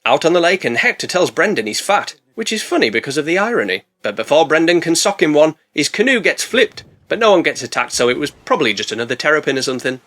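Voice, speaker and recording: A man narrating a comedic film recap, sarcastic and deadpan, full of puns. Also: a little high, fast talker, few pauses. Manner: sarcastic, punning, deadpan asides. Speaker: film reviewer.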